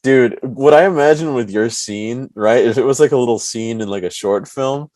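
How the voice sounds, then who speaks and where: A man hosting a podcast in casual chat, telling stories with frequent "right?" tags and squeaky put-on voices. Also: moderate pace, darkish tone, dry recording. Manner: laughing storyteller who acts out squeaky high character voices. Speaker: podcast host.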